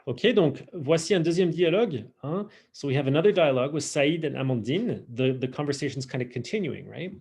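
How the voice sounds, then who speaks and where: A man teaching a French class online, modeling pronunciation in an exaggerated, lively way over a video call. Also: fairly high pitch, a little fast, hardly any pauses. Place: home, virtual class. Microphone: computer mic on a video call.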